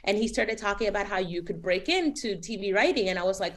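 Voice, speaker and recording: A woman's voice: mid-range voice, fast, hardly any pauses. A woman in her forties from Miami, with a Miami accent, chatting as a guest in an interview with lots of fillers. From Miami, United States. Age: 40s. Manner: chatty and animated, with many fillers. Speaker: TV writer, guest.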